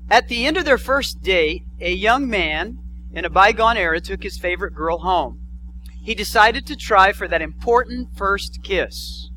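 Middle-aged pastor guy preaching, lively storytelling, kinda high bright voice. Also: a little slow, slight background noise, poor audio. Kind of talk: sermon with a told joke story.

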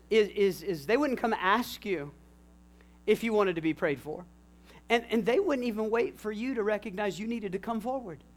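A man with a notably high voice preaches a fervent sermon. He drops low and quiet, then climbs into shouted, emotional calls to the congregation. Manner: impassioned preaching, swings from hushed to shouting. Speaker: pastor.

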